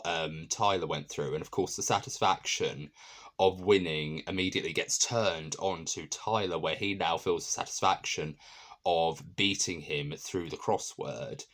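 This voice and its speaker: A man's voice: low-pitched, fairly bright tone. A man casually reviewing a TV episode, enthusiastic and rambling, with many ums and restarts.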